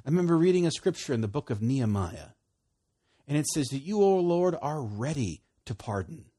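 A man preaching a casual sermon in an animated way, acting out little prayer dialogues as he goes. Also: on the high side, fairly quick, breathy edge. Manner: animated, acts out voices of prayer and God.

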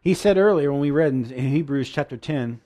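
A man's voice: a little high, fairly quick, mellow, dull audio. A man preaching a sermon in an earnest, emotional way, often restarting his sentences.

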